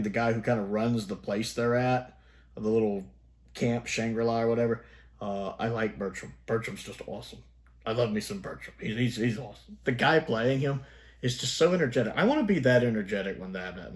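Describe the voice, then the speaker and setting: A man's voice: fairly low pitch, darkish tone. A man from the American South with a Southern accent, casually reviewing a TV episode in a rambling, chatty way, with restarts and small laughs. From Southern United States. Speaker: TV review vlogger.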